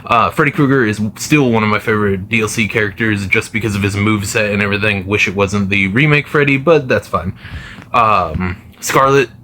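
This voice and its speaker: Man, low-pitched but bright, forceful tone; casual, rambling gaming commentator full of fillers. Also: fairly quick, slight background noise. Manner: rambling, many fillers and restarts. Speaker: gaming video creator.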